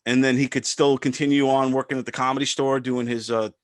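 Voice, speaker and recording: A man's voice: medium pitch, level tone, brisk, dry recording. Male podcast co-host, rambling casual commentary, dry close sound. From part Filipino descent. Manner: rambling with restarts and stammers.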